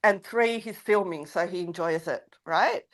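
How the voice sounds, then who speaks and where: A woman's voice: fairly low pitch, normal speed. An Australian woman chatting casually as a guest on a live stream, teasing and laughing often. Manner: giggly, teasing. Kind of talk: casual chat.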